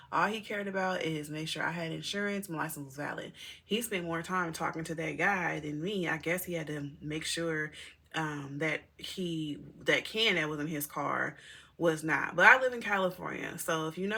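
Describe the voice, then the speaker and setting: Gravelly, bright-toned woman telling her story. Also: low voice. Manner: emotional, rambling, talks directly to viewers as y'all. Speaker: single mother vlogger. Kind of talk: candid personal storytelling to camera.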